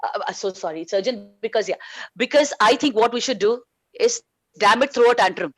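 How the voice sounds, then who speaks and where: A woman's voice: fairly high pitch, a little fast, low-quality recording. A woman speaking passionately on a panel, blunt and fiery, swearing freely.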